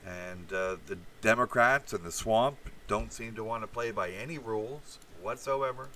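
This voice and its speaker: Host, male, low voice, meandering livestream commentary with sardonic asides, faint hum behind. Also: normal speed, bright, forceful tone. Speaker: channel host. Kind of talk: rambling political commentary livestream.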